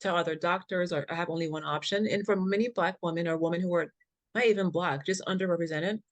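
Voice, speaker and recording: A low-leaning female voice talks fast as this interview guest, a patient advocate, relates a candid, lively anecdote. She acts out what people said, laughing readily and throwing in punchy slang.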